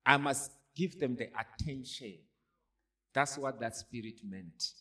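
A man's voice: medium pitch, a little slow, sharp tone. A man preaching a sermon as pastor, pressing the congregation with repeated questions like "are you hearing me". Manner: call-and-response preaching, repeated rhetorical questions.

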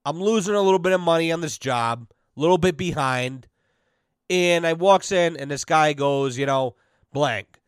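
A man's voice: a little high, moderate pace, clean tone, no echo, clean studio sound. Blunt, cursing man ranting. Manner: blunt, cursing, exasperated storytelling with quoted voices. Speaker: podcast host. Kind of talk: casual profane podcast rant.

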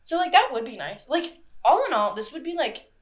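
A woman's voice: sits high, very animated, brisk. Chatty, foul-mouthed woman podcast host. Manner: swears freely, chatty, laughs often. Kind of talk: casual true-crime chat.

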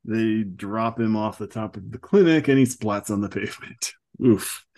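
A man's voice: lowish voice, moderate pace, a little mellow. A man hosting a podcast, casually recapping a comic book with fillers and chuckles. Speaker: podcast host.

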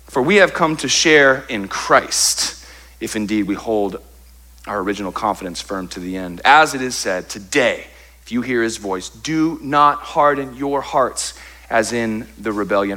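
This pastor has a low-leaning, bright voice with a forceful tone, speaking animatedly but at a measured pace. His sermon starts with a comic tale about himself, complaints acted out, before he shifts to scripture.

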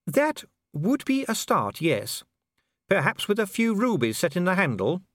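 A man's voice: high voice, huge pitch swings, measured pace, fairly bright tone, no room sound, clean studio sound, voice pushed up, exaggerated voice. A man voicing a proper, worried noblewoman who speaks in a genteel, fussy way. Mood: fussing. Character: proper, worried noblewoman, middle-aged wife. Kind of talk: audiobook character voice.

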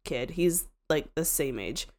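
A young woman co-hosting a podcast in casual chat, animated and laughing, often breaking into loud exclamations. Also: low voice, unhurried, slight background noise.

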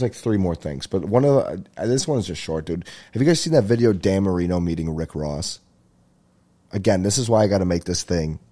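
Man, comedian, solo podcast host, low-ish voice, warm tone, rambling, profane, laughs at own jokes. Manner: rambling, profane, swings into loud high-pitched rants.

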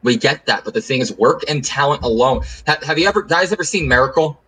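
A man's voice: mid-range voice, expressive, quick pace, pushed and bright, slightly rough, poor audio. A man hosting a casual sports podcast, making his point with emphatic, repetitive phrasing. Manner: emphatic, repeats words while building an argument. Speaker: podcast host.

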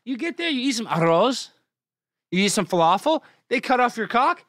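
A young man from Texas hosting a comedic news show, reading headlines and mocking them with sarcastic, excitable riffs. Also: extremely high pitch, moderate pace, dry recording, clean studio sound. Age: young adult. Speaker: podcast host.

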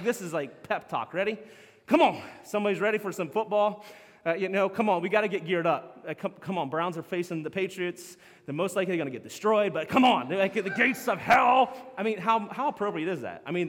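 A man with a fairly high voice preaches a sermon, casual and animated, breaking into laughter between points. His voice rings with a long reverb, like a church sanctuary. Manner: animated, chatty, laughs often. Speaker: pastor.

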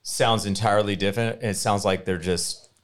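A man from California chats as a podcast guest. His voice sits on the low side, and he talks at length with frequent restarts and hedges. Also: fairly even intonation, normal speed. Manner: talkative, hesitant restarts. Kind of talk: casual chat.

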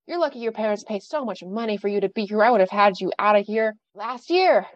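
A woman's voice: mid-range voice, lively intonation, quick pace, dry recording, lightly acted. A woman voicing a stern middle-aged female camp director who scolds in a cold, clipped way, recorded a bit muffled. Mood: stern scolding. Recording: dry, slightly muffled recording.

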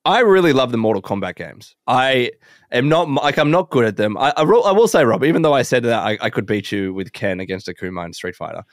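A man's voice: medium pitch, fairly quick, no room sound, clean studio sound. A young man, co-hosting a podcast, talking with eager enthusiasm. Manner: animated, enthusiastic, stumbling restarts. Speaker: podcast co-host. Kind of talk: casual chat.

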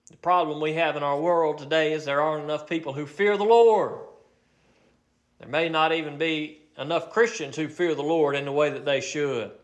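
A man preaching a sermon, slowing for emphasis and rising to fervent exhortation. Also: fairly high pitch, steady tone.

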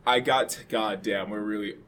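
A man's voice: lowish voice, moderate pace. A young man co-hosting a casual podcast chat, swearing freely and telling self-mocking stories. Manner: animated, swears a lot, self-mocking storyteller. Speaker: podcast co-host.

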